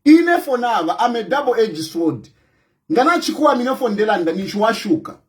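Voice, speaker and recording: A man's voice: extremely high pitch, big pitch swings, normal speed, rough recording. A man with a Zambian accent, delivering impassioned political commentary in a scolding, combative tone and repeating his points for emphasis. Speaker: opposition party president.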